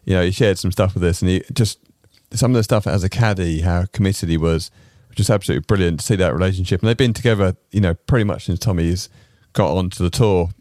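A man's voice: sits low, fast, hardly any pauses, dark tone, no echo, studio quality. A man hosting a casual golf podcast, chatty and rambling with lots of fillers. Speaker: podcast host.

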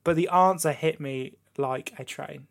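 A man's voice: fairly high pitch, a little slow, gravelly. A man co-hosting a podcast in casual chat, telling his pick with crude swearing. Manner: crude, swearing, animated storytelling. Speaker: podcast co-host.

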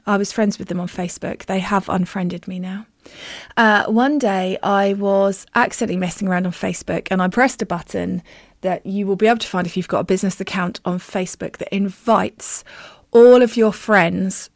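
A woman hosts a podcast as a medium, telling her stories candidly and poking fun at herself. Her voice sits in an average pitch for a woman. It is recorded close on a mic, dry and with no room sound. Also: dry recording. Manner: candid, self-deprecating storyteller. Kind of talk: casual podcast monologue.

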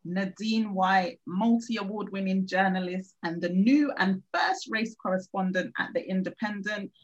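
A woman's voice: medium pitch, measured pace, dull audio. A woman hosting a podcast interview, questioning her guest and praising her at length. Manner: warm effusive praise, many "you know" fillers. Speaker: podcast host.

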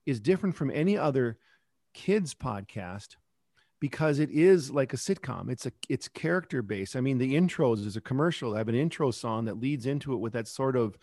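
A man's voice: mid-range voice, animated, brisk, a little mellow, no echo, studio quality. A middle-aged man who creates a kids podcast, talking reflectively in a casual interview. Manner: reflective, rambling with restarts.

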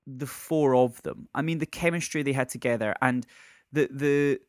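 A man's voice: mid-range voice, moderate pace, clean tone, no echo, studio quality. A man in a casual film chat, asking stumbling, enthusiastic questions.

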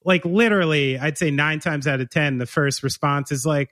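A man's voice: fairly high pitch, normal speed, few pauses, a bit bright, dry recording, studio quality. A man hosting a podcast, chatting casually and agreeably, often chiming in with "right, yeah.". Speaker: podcast host and musician.

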